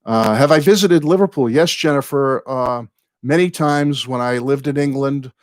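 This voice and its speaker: A man's voice: mid-range voice, moderate pace, no room sound. An American man in his sixties hosting a live chat, a rambling, chatty storyteller who often apologizes and thanks viewers. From United States. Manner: apologetic, warm toward viewers. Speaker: host.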